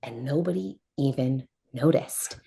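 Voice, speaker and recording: A woman in her thirties tells a personal story as a podcast guest. Her voice sits low, and she talks in a casual, animated way, jumping up in pitch to act out what other people said. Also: measured pace, gravelly. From United States. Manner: animated, acts out quoted voices.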